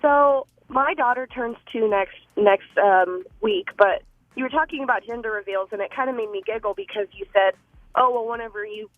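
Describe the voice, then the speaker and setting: A woman's voice: fairly high pitch, moderate pace, no echo. A young mother calls in to a radio show and tells her story in a chatty, giggly, rambling way. Her voice comes over a thin phone line. The sound is dry and close. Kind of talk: casual call-in chat.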